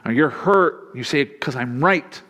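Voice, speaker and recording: A male pastor preaching a sermon in a relaxed, conversational way. He chuckles often and acts out quoted lines. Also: fairly high pitch, measured pace.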